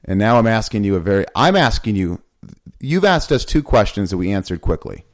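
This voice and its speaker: Man, podcast host, casual talk, insistent questioner, lowish pitch. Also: big pitch swings, fairly quick. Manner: insistent, pressing questions repeatedly.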